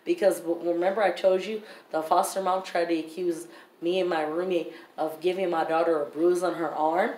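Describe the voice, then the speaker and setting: A woman's voice: lowish voice, little pitch movement, normal speed, a little mellow. A woman vlogger telling her story in a blunt, heated, profane way. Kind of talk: storytime vlog. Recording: roomy echo, faint background noise.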